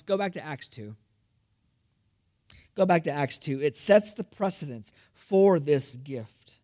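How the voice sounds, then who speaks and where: A man preaching a sermon, animated, swinging between loud emphasis and quiet asides, checking in with listeners with "okay?" and "right?". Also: a little high. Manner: speaks directly to listeners with frequent "okay?" and "right?". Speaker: pastor.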